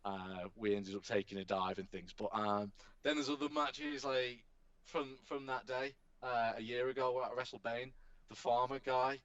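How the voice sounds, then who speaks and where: Man, wrestler on a podcast, animated storyteller, casual swearing, dull dry recording. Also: mid-range voice, moderate pace, smooth, no echo. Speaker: professional wrestler guest.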